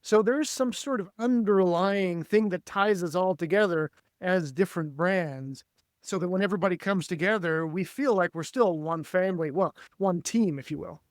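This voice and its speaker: Man, podcast co-host, high voice, loose rambling chat, dry sound. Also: moderate pace, no room sound. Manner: rambling, searching for examples mid-sentence. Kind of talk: casual interview chat.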